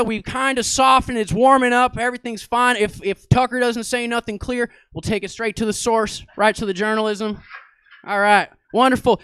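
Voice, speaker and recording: A man's voice: very high-pitched, a bit bright, clear, resonant tone, dry recording. A man doing a character stand-up monologue on a comedy theater stage. He rambles with mock authority and keeps checking in with the crowd.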